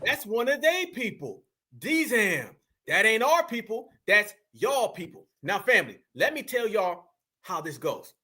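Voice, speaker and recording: American commentary host, very high bright voice, heated repeating rant. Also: male voice, unhurried, slightly rough. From United States. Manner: animated, heated, repetitive and profane. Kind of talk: reaction commentary to a live chat.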